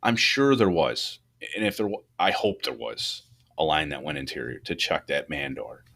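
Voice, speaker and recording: A man co-hosting a fire service podcast, talking through a fire video in loose, rambling shop talk with many restarts, rising in pitch when he gets animated. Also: moderate pace, gravelly. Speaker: podcast co-host, fire truck company boss. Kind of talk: casual shop talk about firefighting.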